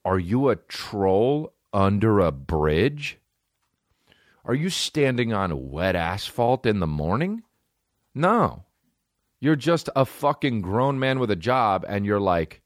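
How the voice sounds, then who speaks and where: A man's voice: medium pitch, big pitch swings, measured pace, no echo, clean studio sound. A man hosting a podcast, ranting casually and profanely with rambling asides and mock rap lines. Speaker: podcast host. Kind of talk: casual comedic rant.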